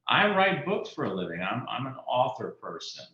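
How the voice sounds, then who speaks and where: A man in his fifties from South Louisiana, telling stories about his life as an author in a relaxed, folksy way as an interview guest. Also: mid-range voice, moderate pace, roomy sound, muffled recording. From South Louisiana, USA. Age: 50s. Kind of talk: casual interview conversation. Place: indoors at home.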